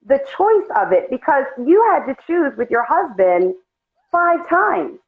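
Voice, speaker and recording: A woman's voice: sits high, very animated, measured pace. Woman host on a tinny line. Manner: direct, encouraging, emphatic. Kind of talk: supportive interview host.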